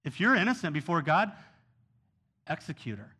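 A man preaching a sermon in an earnest way, going from quiet, soft passages to loud, pressing ones. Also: on the high side, very animated, moderate pace, husky. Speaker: pastor.

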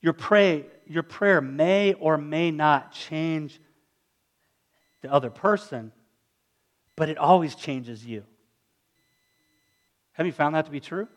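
A pastor preaching a sermon, telling stories dramatically and acting out the voices of the people in them. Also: male voice, a little high, measured pace, long pauses. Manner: dramatic storytelling, acts out voices.

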